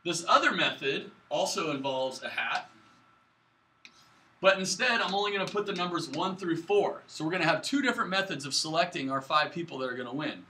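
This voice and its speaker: Guy teaching stats at the board, kinda high bright voice, laid back and joking around, faint room hum. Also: expressive, a little fast, low-quality recording. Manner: casual, chatty explaining with jokey asides. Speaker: statistics lecturer. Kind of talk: classroom lecture at a whiteboard. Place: classroom. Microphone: camera in the room, moving away to the board.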